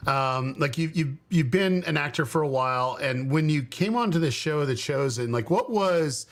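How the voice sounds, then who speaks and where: Halting man hosting a livestream chat. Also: on the high side, animated. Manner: halting, many restarts and fillers, friendly laughs. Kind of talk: casual livestream interview.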